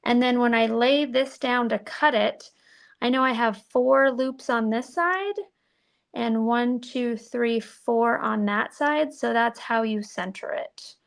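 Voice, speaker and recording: A woman with a slightly high voice and a gravelly fry runs a live card-making demo. She chats to her viewers as she works and pokes fun at her own methods. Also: slow pace. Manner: chatty, self-deprecating, talks to viewers while working.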